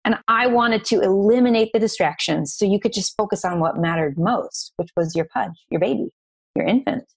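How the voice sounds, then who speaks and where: A woman guest on a podcast interview, telling a personal business story in an earnest, emotional, animated way. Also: medium pitch, normal speed, vocal fry, slightly rough.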